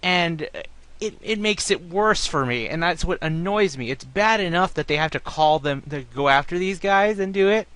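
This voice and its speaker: A man's voice: fairly high pitch, moderate pace, clear, resonant tone, no room sound. A man hosting a casual sports talk show, ranting about fans with plenty of swearing. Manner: ranting, profane, animated. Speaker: podcast host.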